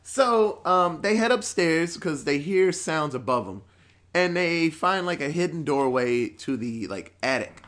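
A man's voice: on the high side, expressive, unhurried, a bit bright. A man in a casual chat, recapping a horror movie in a rambling, profane way with lots of fillers.

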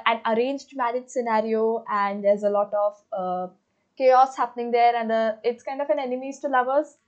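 A young woman reviewing a book in a casual vlog, gushing and excitable, talking with many fillers. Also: a little high. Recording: slightly dull lo-fi audio.

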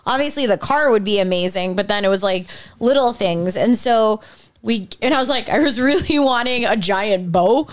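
A woman co-hosting a casual podcast conversation, chatty and quick to laugh. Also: mid-range voice, animated. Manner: chatty, laughs easily, frequent backchannel. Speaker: podcast co-host. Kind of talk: casual chat.

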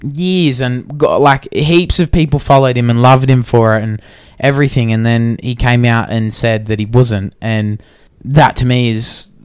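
A man's voice: mid-range voice, fairly even intonation, a little slow, hardly any pauses, clean tone, no echo, studio quality. Blunt, sweary young man. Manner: blunt and sweary, laid-back. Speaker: podcast co-host. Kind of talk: casual chat.

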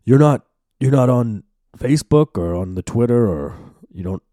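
A man voicing his excited, conservative older grandfather, stammering eagerly as he shares news. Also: mid-range voice, normal speed, no room sound, clean studio sound, lightly acted. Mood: gleeful.

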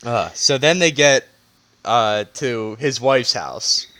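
A man's voice: medium pitch, expressive, takes it slowly, sharp tone. Giggly man retelling movie scenes. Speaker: movie review co-host. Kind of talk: casual chat.

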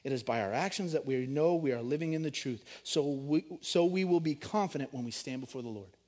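A middle-aged man delivers a sermon in a slightly raised voice. He is animated, pushing key words loudly and then dropping low for quiet stories. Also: brisk. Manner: animated, swings between loud emphasis and hushed storytelling. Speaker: pastor.

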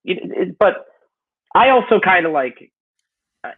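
A man's voice: high-pitched, sing-song, a little slow, breathy edge. A man with a Chicago accent in a casual podcast chat, rambling with lots of "you know" and swearing. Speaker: comedian moving cities. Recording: tinny phone-like sound.

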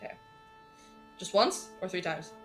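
A woman's voice: fairly low pitch, lively intonation, a little slow, faint music behind. A woman playing a tabletop role-playing game, reacting playfully and calling out her rolls. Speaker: player.

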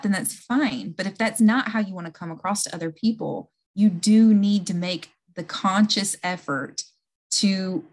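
A woman talking casually and earnestly, explaining things step by step with a self-aware touch. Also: fairly low pitch.

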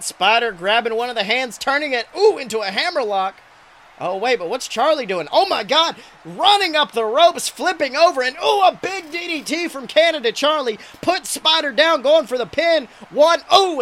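A man voicing a crude, excitable wrestling announcer who calls the action in profane play-by-play. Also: very high voice, moderate pace. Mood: excited. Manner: profane, excitable, shouts big moves. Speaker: wrestling commentator character. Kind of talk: comedic play-by-play commentary.

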